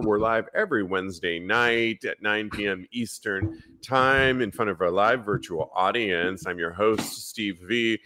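A man's voice: fairly low pitch, a bit bright, slight background noise. A man from San Francisco hosting a live podcast, upbeat as he reads listener emails and announcements. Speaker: podcast host.

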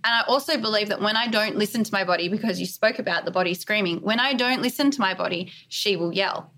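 A woman's voice: medium pitch, quick pace, sharp tone. A woman speaking as a podcast guest, talking earnestly and emphatically in a candid interview, often laying out points as lists. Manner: earnest, emphatic, list-like delivery.

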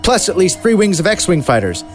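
Brief: man putting on a taut young lieutenant, strained, pitched up. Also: big pitch swings, moderate pace, soft background music. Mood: tense. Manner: taut, reporting over intercom. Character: tense young male bridge lieutenant.

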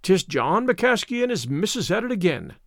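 An easygoing Irish beat cop mutters his musings in a storybook reading, as a male narrator voices him. His tone is lively and sits fairly high, recorded dry and close. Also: moderate pace, vocal fry, dry recording, full character voice. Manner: musing, lazy drawl.

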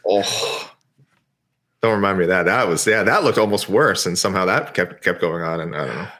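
A man's voice: low-pitched, fairly quick, fairly bright tone. A young man co-hosting a casual sports podcast, thinking aloud and often correcting himself. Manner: speculative, self-correcting, many restarts. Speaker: podcast co-host.

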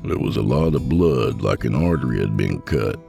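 A man narrating a grim first-person horror story in a measured voice. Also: a bass voice, lively intonation, vocal fry. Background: soft guitar music.

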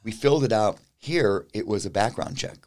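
A man, a musician guest, telling a story in a casual interview, animated and acting out what people said, with some stammered restarts. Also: fairly low pitch, normal speed.

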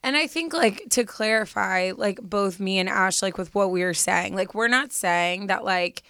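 A young woman talks in a casual podcast chat, heartfelt and full of "like" fillers. Her voice has some vocal fry under a smooth tone. The sound is dry and close. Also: mid-range voice, normal speed, pushed and bright, no room sound. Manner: chatty, heartfelt, many "like" fillers. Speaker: podcast co-host.

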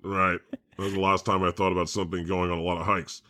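A man playing God as a jokey podcast host, sarcastic and animated in comedy banter. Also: sits low, fast talker. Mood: playful. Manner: sarcastic, animated, laughs often.

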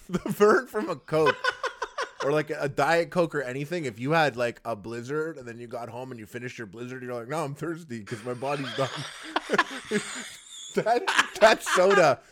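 A man co-hosting a casual podcast chat, animated and often laughing, swearing freely and acting out little scenes. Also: medium pitch, noisy background. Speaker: podcast co-host.

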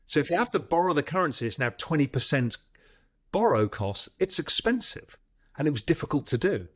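A man, a guest in an interview, telling a long anecdote in a lively way, often restarting his sentences. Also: a little high, brisk, breathy edge. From United Kingdom. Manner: lively, acts out phone calls, frequent restarts. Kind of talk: storytelling in a long-form interview.

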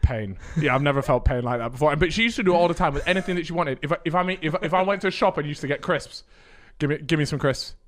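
A man in casual podcast chat, telling animated childhood stories and laughing often. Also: a little high, racing, hardly any pauses, a little hiss or hum. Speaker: podcast host.

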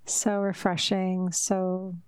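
A woman's voice: fairly low pitch, flat delivery, takes it slowly, darkish tone, clear, resonant tone, dry recording. A woman hosting a casual interview, talking in an effusive, emphatic, spiritual way. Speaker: podcast host. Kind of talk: casual heartfelt interview chat.

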